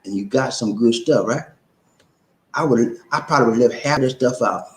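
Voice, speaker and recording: In an echoey room on a low-quality recording, a man with a mid-range voice hosts a casual live stream at normal speed. He's playful, chanting call-and-response lines and slipping into rhymes.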